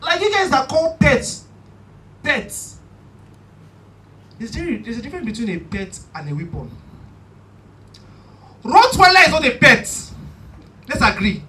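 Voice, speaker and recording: Male stand-up, animated storyteller, very lively pitch, recorded in a roomy venue. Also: a little slow, pauses often. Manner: animated, shouty storytelling with bursts of preaching. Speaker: stand-up comedian. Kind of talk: stand-up comedy set. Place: live comedy stage. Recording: echoey hall, mic at a distance, faint room noise.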